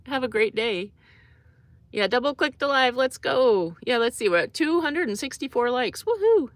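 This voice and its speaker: A woman's voice: fairly high pitch, lively intonation, a little slow, no room sound. A young woman hosting a casual livestream, chatting loosely with lots of fillers and laughs as she reads comments. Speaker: livestream host.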